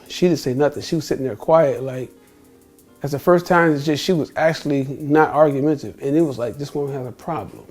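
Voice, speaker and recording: A man's voice: mid-range voice, a little mellow. A man in his fifties, a travel vlogger, telling stories in a casual monologue, emphatic and repetitive, acting out the dialogue as he goes.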